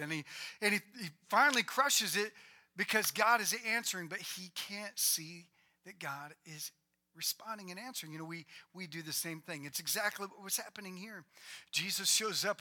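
Bright high-voiced male preacher. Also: normal speed. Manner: dynamic preaching, swinging from loud emphasis to hushed. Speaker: pastor. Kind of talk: sermon.

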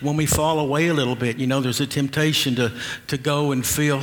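A man's voice: medium pitch, fairly even intonation, fairly quick, in a large hall. A male pastor preaching an earnest, conversational sermon, often restarting his sentences.

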